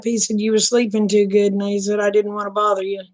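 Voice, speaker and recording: Casting: middle-aged woman, Oklahoma accent, relaxed folksy stream host, flat delivery, slightly rough throat. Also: medium pitch, quick pace. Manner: relaxed, folksy, talks to viewers by name. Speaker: livestream host chatting with viewers. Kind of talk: casual late-night chat.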